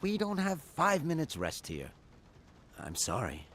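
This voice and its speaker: A man's voice: fairly high pitch, huge pitch swings, measured pace, fairly bright tone, slight background noise, heavily acted. An actor voicing a polite but evasive male hotel clerk in an adventure game, who likes to gossip. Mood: fussy. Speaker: hotel receptionist.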